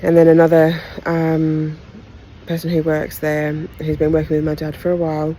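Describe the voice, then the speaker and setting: Aussie-born woman podcaster, low flat voice, candid and halting, telling it straight. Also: slight background noise, low-quality recording. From Australia. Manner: candid, heartfelt retelling; halting, pauses between phrases. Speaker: podcast host. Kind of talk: personal storytelling podcast.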